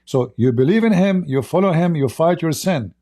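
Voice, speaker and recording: A man's voice: fairly high pitch, expressive, moderate pace, dark tone. A man hosting a live-stream religious debate, preaching to callers and taunting challengers. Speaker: host.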